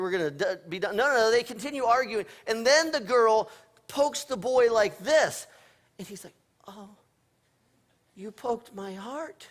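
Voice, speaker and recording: A man with a notably high-pitched voice, preaching a church sermon. He talks in a loose, conversational way and tells everyday stories with a playful, joking touch. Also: a bit bright. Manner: conversational storytelling with playful humor. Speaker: pastor. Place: church sanctuary.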